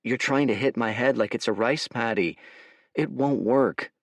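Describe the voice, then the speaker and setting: A man's voice: medium pitch, moderate pace, vocal fry, dry recording. A man voicing a smug, impatient male hero with dragon blood, talking in a dry, mocking way. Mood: patient.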